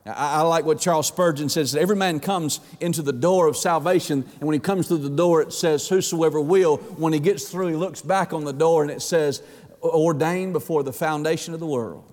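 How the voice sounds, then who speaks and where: Preacher guy, pretty high voice, stretches words out, asks the crowd questions, big church echo. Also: a little mellow. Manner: preaching with swings in pitch, drawn-out emphasis, rhetorical questions. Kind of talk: sermon. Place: church sanctuary. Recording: long hall reverb.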